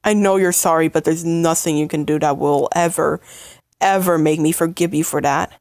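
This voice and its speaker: A woman voicing an upset young partner in a fight with the listener, stammering and halting in emotional outbursts. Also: deep voice, fairly even intonation, darkish tone, no room sound, studio quality. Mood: hurt, angry. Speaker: voice actor in a listener role-play. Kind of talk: listener role-play audio drama.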